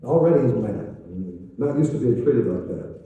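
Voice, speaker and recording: An older man, an evangelist preaching a sermon, telling a story in an animated way and acting out its voices. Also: medium pitch, normal speed, phone-quality sound. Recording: echoey hall, voice from a distance.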